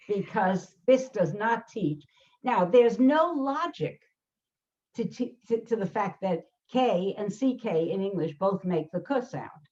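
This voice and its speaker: Her pitch is medium this time, her intonation lively and her pace slow, with a slightly mellow tone. The older learning specialist hosts a conversation, explaining emphatically, acting out quoted voices and restarting often amid many fillers, on a dull lo-fi recording.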